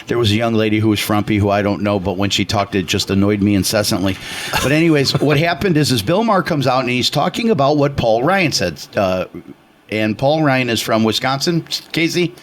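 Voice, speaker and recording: A male talk radio host with a voice of middling pitch. He rambles through opinionated stories, piling up "uh"s and restarts in a loose, casual way. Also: lively intonation, brisk. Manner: opinionated, rambling storyteller with many fillers.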